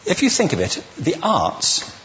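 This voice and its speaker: Lively man lecturing in a hall. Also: fairly high pitch, measured pace, a little hiss or hum. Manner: witty, conversational, asks the audience questions. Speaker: public speaker. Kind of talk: lecture to a live audience.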